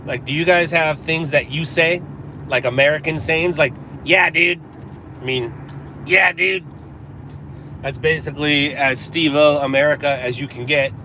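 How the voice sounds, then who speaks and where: A man's voice: on the high side, fairly even intonation, moderate pace, sharp tone. A man hosting a casual livestream, chatting with viewers in a rambling, playful way and often correcting himself. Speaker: livestream host. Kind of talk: casual chat with live chat viewers. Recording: noisy street and traffic background.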